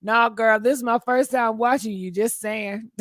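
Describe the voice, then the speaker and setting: A high-voiced woman chats casually on a livestream. She reads comments and talks back in a brash, teasing way, laughing often. The sound is dry and close, with no room around it. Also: fairly even intonation, moderate pace, no room sound. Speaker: livestream host reading chat.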